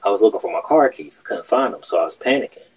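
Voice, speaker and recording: A man's voice: lowish voice, expressive, rapid-fire, husky, poor audio. A man hosting a podcast, telling a workplace story in casual, profane chat. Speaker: podcast host.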